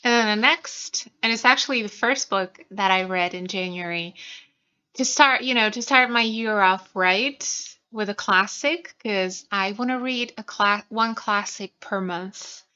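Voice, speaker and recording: A woman's voice: mid-range voice, a little slow, pushed and bright, clear, resonant tone, dull audio. A woman chatting casually about books at home, self-conscious and full of fillers and restarts. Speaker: book vlogger. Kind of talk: casual chat. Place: small room at home.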